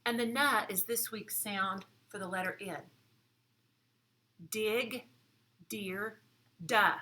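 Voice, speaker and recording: Brief: female preschool teacher, slow and patient, bright tone, clear instructions for young kids. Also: medium pitch, steady tone. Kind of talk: children's lesson. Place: classroom.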